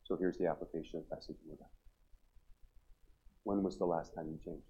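A man in his forties, a pastor preaching a revival sermon, joking and telling stories, then pressing his point loudly. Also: sits low, fairly even intonation, brisk, breathy edge, dull audio. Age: 40s. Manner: humorous storytelling, rising to loud emphatic preaching. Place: church sanctuary.

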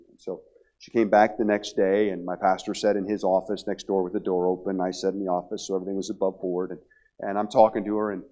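At a church revival service, a middle-aged male pastor preaches, telling a story he keeps restarting over and over. His voice is deep and dark in tone, and he moves at a quick pace. The recording is dull and lo-fi.

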